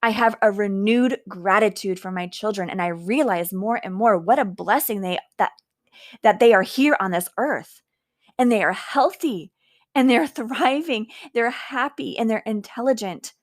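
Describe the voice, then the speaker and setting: A woman in her thirties talks through a personal reflection on her podcast. Her delivery is earnest and faith-filled, and she slows down to lean into the words that matter most. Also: medium pitch. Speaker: podcast host.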